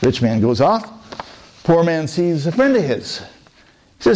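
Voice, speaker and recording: A man telling parable-like stories in a relaxed, conversational way, then reflecting on them. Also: on the high side, measured pace, long pauses, a little hiss or hum. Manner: relaxed, conversational storytelling with asides. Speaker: speaker. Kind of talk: storytelling talk.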